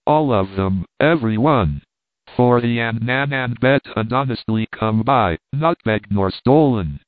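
A man's voice: medium pitch, measured pace, dry recording, close to an everyday voice. A man voicing a poor young boy made king who speaks in plaintive, archaic words, in a tinny, phone-like, dry recording. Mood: eager.

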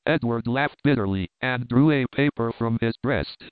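A man's voice: medium pitch, normal speed, clear, resonant tone, no echo. Man narrating over a tinny line. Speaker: audiobook narrator. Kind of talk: scripted narration. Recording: tinny narrow-band dry recording.

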